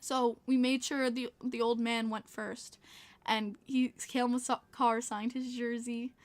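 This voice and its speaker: Her voice is highish and a little slow, with little pitch movement. She's a young podcast host with a Long Island accent, telling stories in bubbly, casual chat and laughing often.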